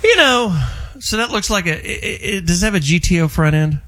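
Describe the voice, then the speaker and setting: A male host of a call-in radio show, his voice sitting a bit high for a man. He talks loosely and jokingly, rattling through callers and car listings. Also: expressive, brisk, pushed and bright.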